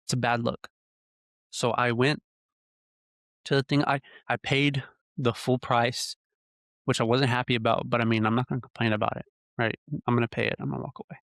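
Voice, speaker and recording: A young man hosting a podcast, telling a rambling personal story in a relaxed conversational way, full of "you know" and "like". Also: medium pitch, a little fast, long pauses, dry recording, clean studio sound. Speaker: podcast host. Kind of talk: casual solo storytelling.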